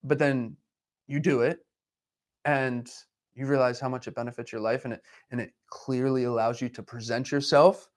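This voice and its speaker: A man telling stories in a casual conversation, talking fast and animated, rambling from one thought to the next. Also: medium pitch.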